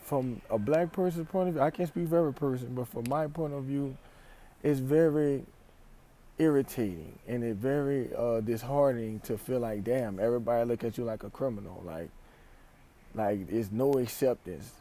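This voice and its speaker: A young man from Louisiana with a Louisiana accent, giving an animated, emphatic slang-filled vlog monologue in a store aisle, recorded on a phone camera. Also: medium pitch, normal speed. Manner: animated, emphatic, repeats phrases, speaks in slang. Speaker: vlogger.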